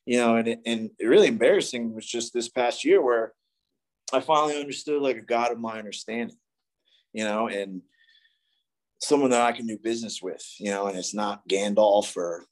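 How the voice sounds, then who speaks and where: A man in his thirties telling a rambling, profane story at a recovery meeting. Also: medium pitch. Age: 30s. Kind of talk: casual storytelling talk.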